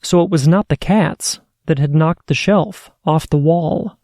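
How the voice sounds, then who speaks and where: A man hosting a podcast, reading listener stories aloud in a steady, earnest way. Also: on the high side, unhurried, no echo, clean studio sound. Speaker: podcast host.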